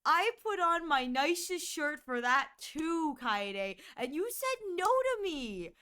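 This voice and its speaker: A woman's voice: high-pitched, big pitch swings, bright, forceful tone, pitched above the performer's own voice, heavily acted. A woman playing a wounded, indignant old suitor. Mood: mock-indignant. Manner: mock-indignant, drawn-out. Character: rejected awkward old man suitor, wounded and dramatic.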